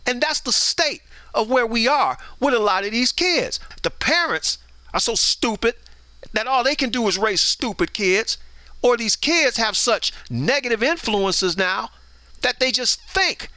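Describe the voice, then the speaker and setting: Brief: man, middle-aged, opinion show host, emphatic and lecturing, bright tense tone. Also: very high-pitched, animated, measured pace, no room sound. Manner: preachy, blunt and emphatic, acts out voices in stories. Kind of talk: opinion commentary monologue.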